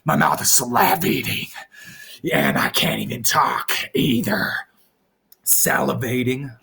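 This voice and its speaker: A man's voice: fairly high pitch, wildly swooping pitch, unhurried, vocal fry, bright, forceful tone, husky. A man vlogging to his viewers, rambling goofily and freestyling rhymes off the top of his head. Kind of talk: rambling freestyle vlog chat.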